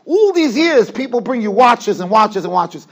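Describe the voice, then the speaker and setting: Elderly wife, teasing and smug, played by a male lecturer; raised, very high voice. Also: sing-song, moderate pace, full character voice. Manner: needling, pleased with herself. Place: yeshiva study hall.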